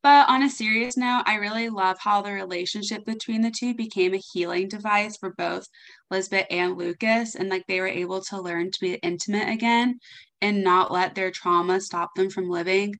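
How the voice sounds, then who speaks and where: A woman's voice: mid-range voice, fairly even intonation, moderate pace, fairly bright tone. A young woman with a mid-range voice chats about a book on a podcast. She gushes as she talks and fills her sentences with "like". Her tone stays casual and talkative. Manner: gushing, chatty, heavy use of "like". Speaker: podcast co-host.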